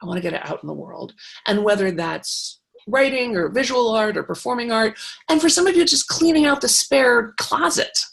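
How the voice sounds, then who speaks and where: A woman's voice: fairly high pitch, creaky. A middle-aged woman teaching a creativity workshop, talking in an encouraging, chatty way with fillers and restarts. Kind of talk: live online workshop talk.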